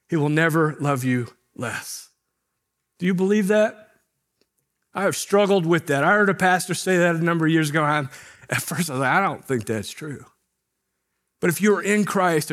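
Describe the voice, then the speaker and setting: A man's voice: high voice, a bit bright. A middle-aged man, a pastor, preaching a sermon in a conversational way, asking rhetorical questions.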